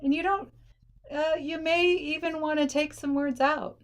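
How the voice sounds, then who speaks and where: A woman's voice: sits high, steady tone, measured pace. A woman coaching a songwriter, thinking aloud and singing lyric lines to show phrasing, with a slight frog in her throat. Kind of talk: casual feedback session.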